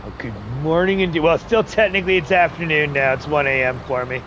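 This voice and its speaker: A man's voice: a little high, a little fast, fairly bright tone, a little hiss or hum. A man hosting a live farming-game stream, chatting casually with viewers and joking with his in-game workers. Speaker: livestream host. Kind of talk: casual live gameplay chat.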